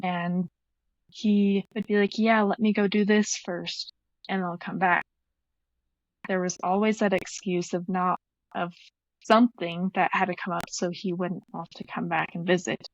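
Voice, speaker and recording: A woman's voice: fairly low pitch, little pitch movement, unhurried, long pauses, no room sound, highs cut off. A young adult woman guest earnestly retelling a painful past relationship in casual talk, replaying old conversations. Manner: earnest, quotes past conversations, many fillers. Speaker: podcast guest. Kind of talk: personal story, casual retelling.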